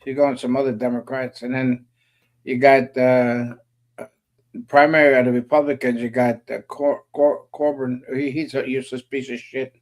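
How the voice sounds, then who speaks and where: A man talking in a loose, meandering way on a casual political chat stream. He fills gaps with "uh" and throws in offhand jokes. His voice sits at an ordinary middle pitch. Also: level tone, moderate pace. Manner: rambling, many "uh" fillers, joking. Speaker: co-host.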